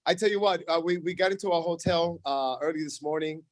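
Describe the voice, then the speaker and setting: A man's voice: fairly high pitch, fast talker, no echo. A man from New York City with a New York accent, telling a jokey story onstage at a business launch event, with lots of "uh" and "right?". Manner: jokey, animated, frequent "right?" and "uh". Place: event room with an audience.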